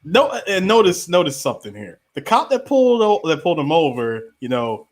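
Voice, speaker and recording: Lively, swooping man telling a story. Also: on the high side, brisk. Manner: lively storyteller, builds up jokes. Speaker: podcast co-host. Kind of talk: casual chat.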